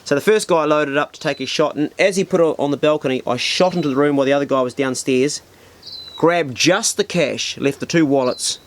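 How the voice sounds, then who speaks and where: A middle-aged man who hosts a channel tells a vivid personal story in a casual, colourful style, swearing freely. His voice is a little high and fairly quick, with a bit of hiss or hum in the audio.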